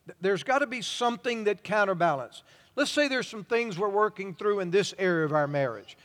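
Older pastor, folksy, high voice. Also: male voice, expressive, a little fast. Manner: folksy, warm-hearted storytelling with chuckles. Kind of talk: sermon. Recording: hall reverb.

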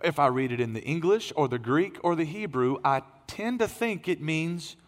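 A middle-aged man preaching as a pastor, his voice strained and tired, swinging from emphatic raised lines to quiet asides. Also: fairly high pitch, lively intonation, moderate pace. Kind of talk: sermon. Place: church sanctuary. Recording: long reverb of a large hall.

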